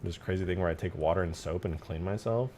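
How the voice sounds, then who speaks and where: A man's voice: low voice, fast, dark tone, a little hiss or hum. A man in his twenties chatting casually on a live stream, rambling and swearing through slangy stories. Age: 20s. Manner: rambling, profane storytelling with slang.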